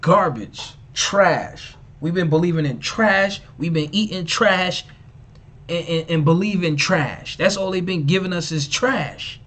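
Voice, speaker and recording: Emphatic, scornful male livestream preacher with a slangy delivery and a slightly raised pitch. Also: unhurried, fairly bright tone. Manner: emphatic and repetitive, mocking, slangy. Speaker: online preacher and teacher. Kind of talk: live-streamed preaching.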